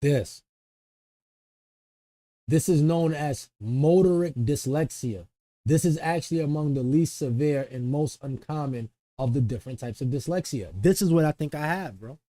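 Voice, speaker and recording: A man's voice: a little high, moderate pace, dark tone, no room sound. A young man, a streamer, chatting casually and rambling in slang to his viewers, often mocking himself. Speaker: streamer reacting to a video.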